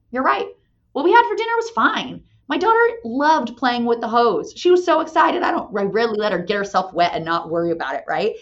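A woman in her thirties, a company president and mother, telling a candid story and tagging her points with a quick "right?". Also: medium pitch, fairly bright tone. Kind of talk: motivational talk. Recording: dull lo-fi sound.

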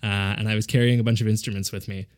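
A man's voice: fairly low pitch, little pitch movement, fast talker. Rambling, laughing man. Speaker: podcast co-host. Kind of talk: casual storytelling chat.

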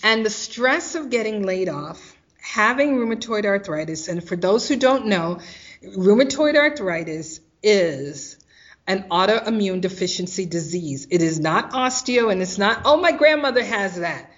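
Animated woman telling a personal story. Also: medium pitch, a little slow, dull audio. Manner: animated, acts out quoted voices. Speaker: guest.

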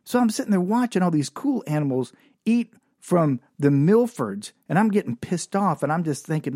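A man's voice: a little high, big pitch swings, a little fast, warm tone, dry recording, clean studio sound. A man telling a rambling, exasperated comic story about a family trip.

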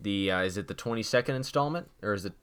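A man's voice: lowish voice, fast talker, fairly bright tone, clean tone. A man co-hosting a casual podcast, talking in a rambling, chatty way with lots of restarts and asides. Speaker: podcast co-host.

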